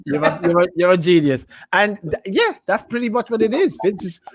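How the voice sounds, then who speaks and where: A man's voice: high-pitched, sing-song, a little fast, no echo. A man hosting a wrestling podcast, chatting emphatically and repeating himself. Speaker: podcast host. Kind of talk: casual chat.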